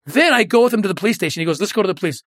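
A man's voice: high-pitched, expressive, racing, fairly bright tone, dry recording, clean studio sound. A middle-aged man, a guest in an interview, telling a moving story earnestly and often repeating words when moved.

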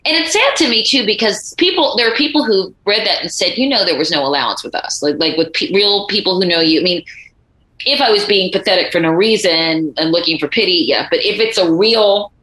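A woman author being interviewed, telling animated stories and acting out the voices of people she quotes. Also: mid-range voice, fairly quick, echoey room, poor audio. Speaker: author and guest. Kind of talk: conversational interview.

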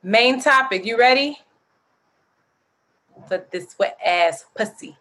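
A woman co-hosting a podcast over a video call, bantering loudly, laughing and swearing freely. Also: a little high, takes it slowly. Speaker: podcast co-host. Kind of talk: casual chat.

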